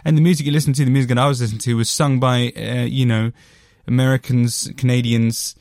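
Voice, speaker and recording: A man's voice: medium pitch, steady tone, fast talker, darkish tone, no echo, clean studio sound. A British man hosting a casual music monologue, rambling and self-deprecating with lots of fillers. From Britain. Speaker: podcast host reviewing albums.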